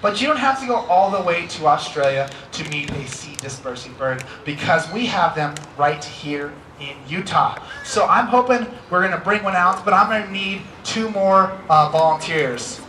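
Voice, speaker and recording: A man's voice: a little high, lively intonation, moderate pace, few pauses, pushed and bright, slight background noise. An American man presenting a live educational bird show, playful and teasing as he coaxes volunteers. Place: outdoor amphitheater stage. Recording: roomy live show sound with music.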